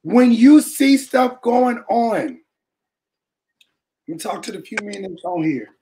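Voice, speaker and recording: High-voiced man preaching with fire. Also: takes it slowly, slight background noise. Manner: animated, calls out to listeners, often shouts for emphasis; colloquial, calls listeners "baby" and "y'all". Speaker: speaker addressing a church audience. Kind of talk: impassioned preaching-style talk.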